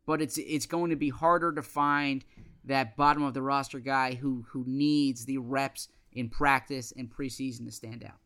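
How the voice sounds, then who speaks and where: A man co-hosting a sports podcast, explaining team news in a measured way with frequent restarts. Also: medium pitch, fairly even intonation, a bit bright, clean tone. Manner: measured, many restarts and fillers. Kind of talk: casual sports podcast chat.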